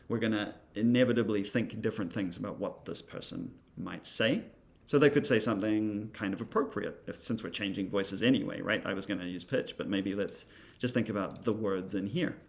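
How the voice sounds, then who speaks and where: A man's voice: lowish voice, vocal fry. A man giving a casual recorded lesson, thinking aloud with many ums and uhs. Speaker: instructor. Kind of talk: recorded lecture demonstrating software.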